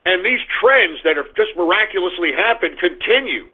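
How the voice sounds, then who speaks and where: A man's voice: high-pitched, animated, normal speed, few pauses, husky. An older man hosting a political talk radio show, delivering a fiery, repetitive ranting monologue over tinny phone-like audio.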